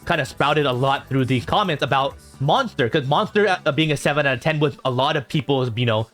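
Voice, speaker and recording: A man reacting to viewer comments in a casual vlog, reading them out and answering with animated exasperation. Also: a little fast, soft background music. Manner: animated, jumps in pitch when exasperated.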